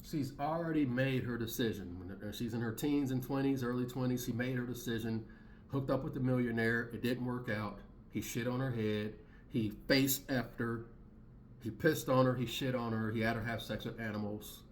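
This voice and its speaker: A man's voice: mid-range voice, steady tone, normal speed, slight background noise. Blunt ranting man in his thirties. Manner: blunt, heated, repetitive, slangy. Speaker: commentary channel host. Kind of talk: blunt commentary rant.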